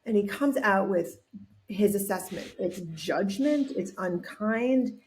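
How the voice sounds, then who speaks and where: A woman talks as a guest on a podcast, her voice mellow and warm. She tells a personal story with animation, drops into the voices of the people in it, and restarts phrases as she thinks. Her pitch sits in the middle range. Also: slow, a little hiss or hum. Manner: animated storyteller acting out quotes, frequent restarts.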